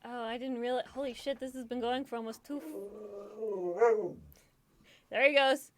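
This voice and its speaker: A woman's voice: a little high, little pitch movement, quick pace, a little mellow, no echo. A woman gaming streamer in casual chat, rambling, swearing often and laughing easily, self-deprecating and emotional.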